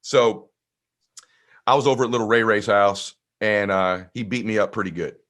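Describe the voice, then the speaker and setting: A man telling a personal story in an energetic, conversational way as a podcast guest. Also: on the low side, moderate pace. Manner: energetic, conversational, acts out voices. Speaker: guest speaker.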